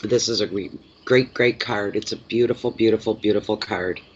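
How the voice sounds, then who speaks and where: A man's voice: fairly low pitch, fairly even intonation, normal speed, lo-fi sound. A Canadian man giving a chatty live-streamed tarot reading, plainspoken and repeating words for emphasis while he answers chat comments. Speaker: tarot reader.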